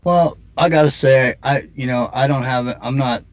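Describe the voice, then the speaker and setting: A man's voice: medium pitch, normal speed, dry recording, dull audio. A man speaking as a guest on a talk show, rambling through his points with lots of fillers and restarts. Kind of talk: casual conversation.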